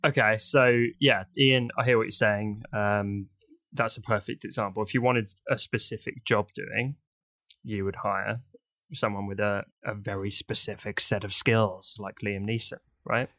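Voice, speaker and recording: A man's voice: lowish voice, steady tone, a little slow, a bit bright, dry recording. A man hosting a design podcast in casual chat, joking and teasing his co-hosts. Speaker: podcast host.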